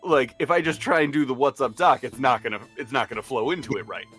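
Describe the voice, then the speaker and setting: A man co-hosting a casual chat, chatty and agreeable with quick asides. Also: mid-range voice, lively intonation, a bit bright, faint music behind.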